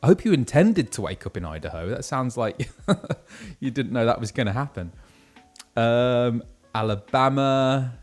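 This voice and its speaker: A man's voice: mid-range voice, big pitch swings, a little slow, darkish tone, faint music behind. A man livestreaming from his kitchen, chatting casually with viewers and reading out their messages, with plenty of ums. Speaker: livestreamer and voice actor. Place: his kitchen at home, indoors. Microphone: streaming setup with ring light.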